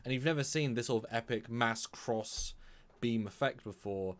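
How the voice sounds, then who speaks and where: A British man co-hosting a live stream, talking fast and enthusiastically, often restarting his sentences. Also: medium pitch. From Britain. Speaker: co-host. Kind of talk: casual live-stream chat.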